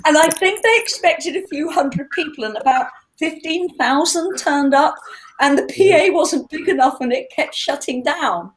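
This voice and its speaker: A woman in her sixties, a singer chatting casually through a fan Q&A, lively and laughing as she tells stories. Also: high voice, a little slow, rough recording. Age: 60s. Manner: chatty, animated and laughing when telling stories. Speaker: singer hosting a live Q&A. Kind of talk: casual chat answering fan questions.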